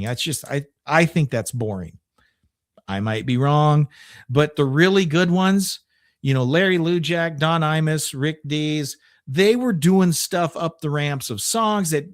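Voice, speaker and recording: A man coaching new radio hosts in a casual, conversational way, leaning hard on his points and drifting into asides. His voice sits a little high for a man. The recording is dry and close, with no room sound. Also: no room sound. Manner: conversational, emphatic, thinks aloud with asides. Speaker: radio coach and station owner. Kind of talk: casual instructional talk.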